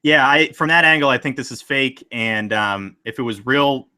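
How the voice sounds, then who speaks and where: A man's voice: mid-range voice, normal speed, sharp tone, clear, resonant tone. A man hosting a podcast, chatting casually and loosely with many fillers as he reads listener stories. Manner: loose and rambling, many fillers, laughs easily. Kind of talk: casual chat.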